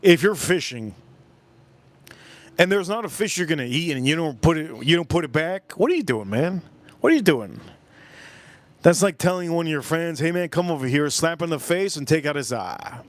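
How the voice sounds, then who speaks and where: An adult man from South Florida, past his youth, hosts a live stream and rambles loosely to his viewers, repeating phrases as he goes. His voice is on the high side, expressive, and a little fast.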